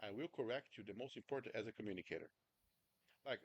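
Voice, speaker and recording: A man's voice: on the low side, animated, fast, breathy edge, no echo. A man giving a video-call coaching session, talking casually and often checking in with his student. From United States. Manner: chatty, keeps checking in with "right?" and "understand?". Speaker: communication coach.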